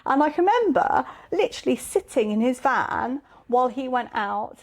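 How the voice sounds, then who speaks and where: A woman, telling parenting stories in a candid, animated conversation. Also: high-pitched, moderate pace. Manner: animated storyteller, acts out quoted voices. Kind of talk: candid casual chat.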